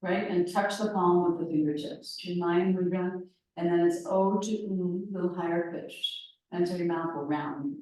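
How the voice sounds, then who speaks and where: A woman leading a guided yoga class on chanting and hand gestures, instructing gently with light laughs. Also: on the low side, fairly even intonation, moderate pace. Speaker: yoga teacher. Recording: echoey room from far off.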